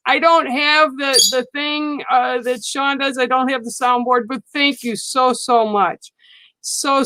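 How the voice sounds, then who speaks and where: A woman giving a live card reading to viewers, speaking in a slow, soothing and reassuring way, often checking in with "okay?". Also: on the high side, pushed and bright, dry recording, low-quality recording. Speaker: psychic card reader on a livestream. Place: studio.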